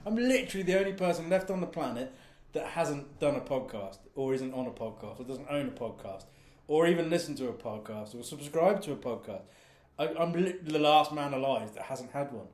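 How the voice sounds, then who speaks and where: A man's voice: a little high, animated, brisk, a little mellow, echoey room. A man rambling in a casual, sweary monologue from his home office, laughing often. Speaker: author and podcast host.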